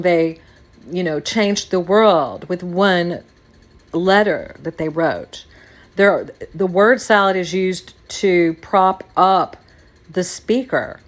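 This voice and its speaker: A woman hosting a podcast, talking casually in a rambling monologue and repeating phrases for emphasis. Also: lowish voice. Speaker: podcast host.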